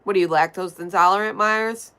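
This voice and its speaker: On a livestream, a woman with a nasal, medium-pitched voice chats casually, reading viewer messages and answering them as she goes. Her tone stays steady, and she speaks a little fast with a pushed, bright, smooth quality.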